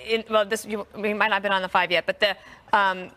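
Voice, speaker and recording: Bright playful female co-host. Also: medium pitch, flat delivery, fast. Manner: playful, explaining with an analogy. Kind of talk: panel talk show banter.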